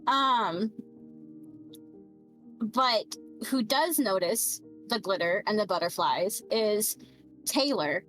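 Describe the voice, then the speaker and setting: A woman's voice: medium pitch, takes it slowly, pauses often, fairly bright tone, soft background music, low-quality recording. A young woman narrating a tabletop game as game master, chatty and giggly, with lots of fillers.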